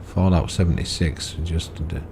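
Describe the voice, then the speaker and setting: A man's voice: low voice, little pitch movement, moderate pace, gravelly, warm tone, a little hiss or hum. A man giving rambling, chatty gameplay commentary, often ending remarks with tag questions. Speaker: gaming video creator.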